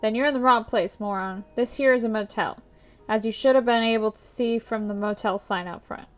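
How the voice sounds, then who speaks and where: Woman doing a gruff rude motel clerk. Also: on the high side, a little fast, close to an everyday voice. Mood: sneering. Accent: put-on New York-style accent. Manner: gruff, insulting, sneering.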